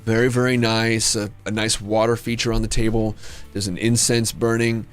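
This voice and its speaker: A man's voice: fairly low pitch, little pitch movement, normal speed, clean tone, soft background music. A man running a tabletop role-playing game as game master, describing scenes with frequent restarts.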